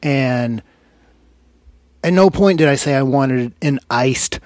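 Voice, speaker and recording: A man's voice: mid-range voice, slow pace, darkish tone, dry recording. A man co-hosting a casual comedy podcast, telling a story as a profane rant. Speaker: podcast co-host.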